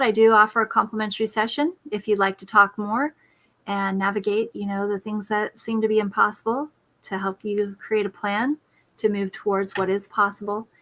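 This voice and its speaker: Woman, parenting coach, reflective storytelling, mid-pitched voice, video call guest. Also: a bit bright. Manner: reflective storytelling, acts out a child's pleading voice. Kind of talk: personal story on a talk show.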